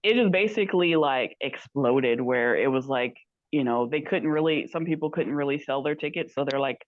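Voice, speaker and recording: A woman's voice: rumbling low, moderate pace, dry recording, narrow, tinny audio. A woman guest telling a story in casual chat, rambling and acting out the quoted lines of others. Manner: rambling, acts out quoted dialogue. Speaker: podcast guest.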